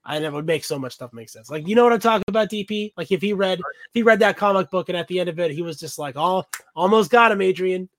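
High, bright-voiced rambling man. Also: animated, rapid-fire, hardly any pauses, no room sound. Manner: rambling, circles back over his own points. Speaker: podcast co-host. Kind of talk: casual chat.

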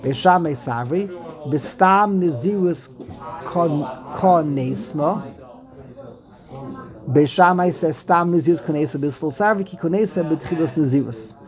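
A man's voice: on the high side, a little slow. A man teaching a casual Talmud lesson, reading passages aloud and translating them with wry asides and chuckles.

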